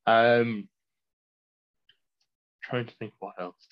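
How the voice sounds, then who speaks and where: A teenage Irish lad chatting casually, telling rambling stories and laughing mid-sentence. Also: male voice, mid-range voice, fairly even intonation, extremely slow, clean tone. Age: teens. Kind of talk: casual chat. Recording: dull lo-fi sound.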